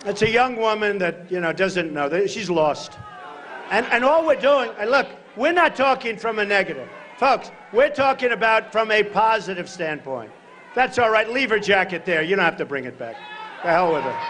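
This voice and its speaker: A man giving a campaign rally speech in a large hall, emphatic and repetitive, often shouting short phrases to the crowd. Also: high-pitched, lively intonation, moderate pace, a little hiss or hum. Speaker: political candidate at a rally. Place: large hotel event hall, live rally. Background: crowd of supporters.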